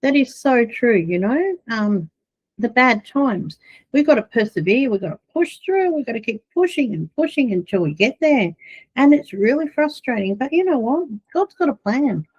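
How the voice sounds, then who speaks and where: Woman, church minister, chatty personal storytelling, lively swooping pitch, dull lo-fi sound. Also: moderate pace, breathy edge. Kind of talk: informal video sermon.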